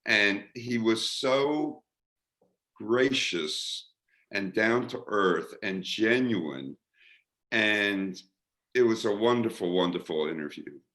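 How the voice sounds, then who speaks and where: A middle-aged man with a low, deep voice tells stories from his years as a radio interviewer. He speaks casually on a panel, and he acts out the people he quotes. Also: slow pace, poor audio. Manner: animated anecdotes, mimics people he quotes.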